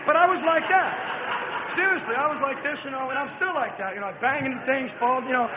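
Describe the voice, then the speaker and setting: A man preaching a sermon, rambling and fervent, swinging between hushed asides and shouts. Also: very high-pitched, a little fast, heavy background noise. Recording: echoey hall on a tinny phone-like line.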